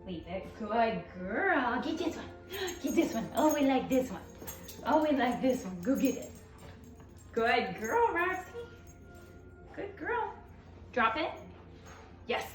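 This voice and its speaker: A woman dog trainer explaining a training demonstration while playing, switching between excited praise and firm commands. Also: on the high side, measured pace, long pauses, roomy sound, recorded from a distance, faint music behind.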